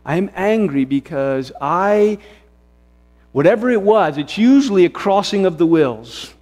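A man's voice: sits high, lively intonation, unhurried, darkish tone. Earnest male pastor preaching in a reverberant hall. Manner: earnest, repetitive preaching with frequent restarts. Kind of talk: sermon. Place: church sanctuary. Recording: long reverb of a church hall.

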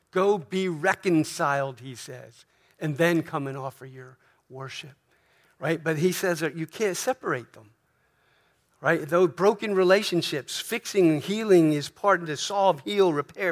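A man's voice: fairly high pitch, a little slow. A middle-aged man preaching a sermon in an earnest, conversational way, often asking "right?" and restarting his phrases. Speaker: pastor.

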